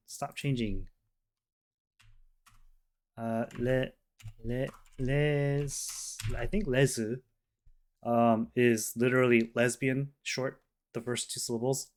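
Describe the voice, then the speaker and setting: A man hosting a casual reaction video, explaining slowly with plenty of fillers into a desk microphone. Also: mid-range voice, smooth.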